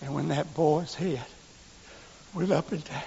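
Gravelly preacher man. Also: fairly high pitch, fairly even intonation, measured pace, a little hiss or hum. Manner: folksy storytelling, swinging from hushed whispers to shouts. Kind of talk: sermon. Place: church. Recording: echoey lo-fi church recording.

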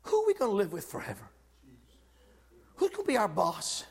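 A man preaches with an unusually high, ringing voice. His delivery is fervent and emphatic, building on repeated phrases as he drives his sermon home. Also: wildly swooping pitch, brisk, gravelly, breathy edge.

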